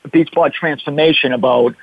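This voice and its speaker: A man's voice: on the high side, steady tone, a little fast, no room sound. A man from the Boston area with a Boston accent, a fitness trainer guest chatting and joking on a call-in radio show over a remote line. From Boston area, USA. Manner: chatty, jokey, self-interrupting. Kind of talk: casual call-in radio chat. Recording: dull lo-fi radio sound.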